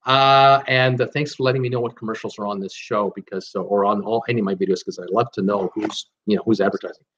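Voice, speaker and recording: A man's voice: lowish voice, steady tone, quick pace, a bit bright, highs cut off, slight background noise. Chatty Canadian man, live-stream host. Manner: rambling, chatty, many "uh"s and restarts. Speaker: host of a live cruise channel. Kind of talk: casual live-stream chat.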